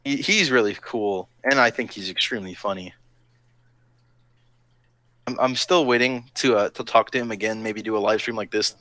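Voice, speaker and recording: A man's voice: on the low side, moderate pace, pauses often, sharp tone, dry recording. A man hosting a live stream chat, talking in a rambling, digressive, cheerfully provocative way. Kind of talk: casual chat.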